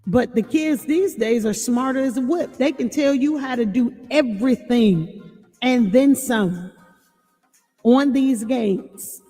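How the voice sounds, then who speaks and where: A woman chatting on a livestream, warning parents and reading out chat comments in an animated way. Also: fairly high pitch. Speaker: livestream host. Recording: long reverb with faint music.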